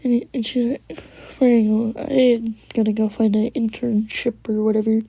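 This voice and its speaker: A woman's voice: on the high side, level tone, normal speed, creaky, mellow, breathy edge, dry recording. A woman casually retelling a fan story, rambling and quoting characters, often slipping into a whisper.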